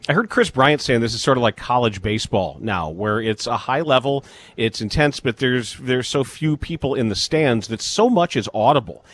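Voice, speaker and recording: A man hosting a casual baseball talk, measured and full of statistics. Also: medium pitch, animated, a bit bright. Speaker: sports show host.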